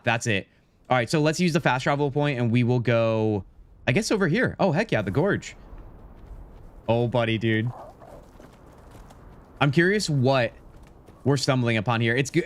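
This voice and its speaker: A young man streaming a game live, talking to his chat in an excitable, chatty way and throwing in "dude" a lot. His voice sits at an ordinary middle pitch. He comments on everything as he plays.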